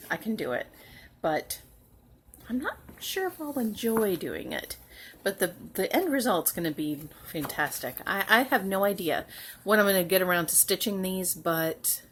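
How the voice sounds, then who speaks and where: A woman hosting a home cross-stitch video, chatting casually and sounding tired, with soft asides that trail off. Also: mid-range voice, sing-song, a little slow, slight background noise. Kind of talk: casual chat to camera.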